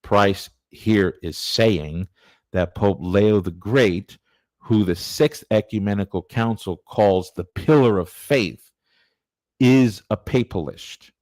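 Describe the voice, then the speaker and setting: A man's voice: on the low side, slow, a little mellow, no room sound. A man presenting church history in an earnest, digressive, conversational lecture. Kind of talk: casual lecture.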